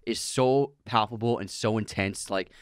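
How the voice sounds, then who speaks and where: A man co-hosting a podcast in casual chat, who gets excited and laughs easily. His voice is smooth and clear. The sound is close and dry. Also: lowish voice, moderate pace, no room sound. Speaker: podcast co-host.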